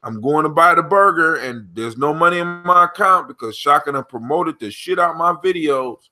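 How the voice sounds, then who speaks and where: A man's voice: fairly high pitch, moderate pace, bright, forceful tone. A man hosting a casual talk show, bantering in a laid-back, slangy way. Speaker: podcast host. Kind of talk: casual chat.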